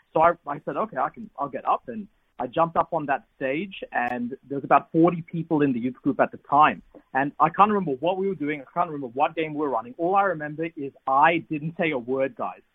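A man in his thirties, a pastor telling a personal story as a radio guest over the phone, lively with repeated emphasis. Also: on the high side, fast talker. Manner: lively, repetitive emphasis, builds to exhortation. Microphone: phone call. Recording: tinny phone line, husky.

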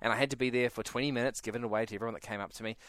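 A woman co-hosting a podcast in casual chat, telling a story with lively acted-out quotes. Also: rumbling low, rapid-fire, no room sound, clean studio sound. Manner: animated storyteller, acts out quotes. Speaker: podcast co-host.

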